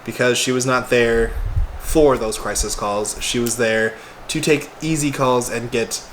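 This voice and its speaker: A young man who used to work on a crisis helpline casually recounts a tense phone call, quoting both sides and swearing now and then. His medium-pitched voice is fairly bright and even, unhurried, with a little hiss or hum in the recording.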